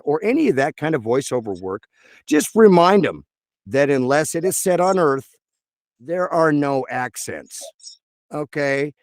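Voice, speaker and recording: A man's voice: a little high, dry recording. A man who works as a voice actor, chatting casually in an interview in a rambling way, full of fillers. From Texas. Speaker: voice actor guest.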